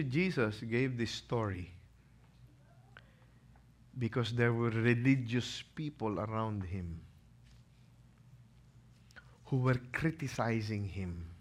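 A male pastor preaching a sermon and telling the story dramatically. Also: medium pitch.

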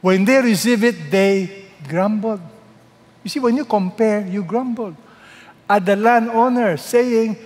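A man with a Filipino accent preaching a sermon, animated and quizzing his congregation, playing out the voices of the people in the story. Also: sits high, unhurried, big-room sound. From Philippines. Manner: animated, asks the congregation questions and acts out voices. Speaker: pastor.

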